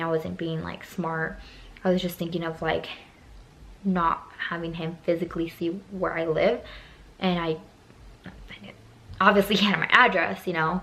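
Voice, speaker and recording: A woman in her twenties telling a personal story on her vlog, animated, swearing freely and acting out both sides of the conversation. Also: on the low side. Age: 20s. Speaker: beauty vlogger.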